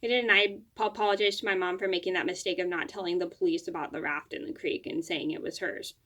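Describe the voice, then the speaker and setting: A woman's voice: fairly low pitch, fairly even intonation, quick pace, fairly bright tone. Rambling woman vlogger telling a story. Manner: rambling, with frequent restarts and filler. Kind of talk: casual storytelling to camera.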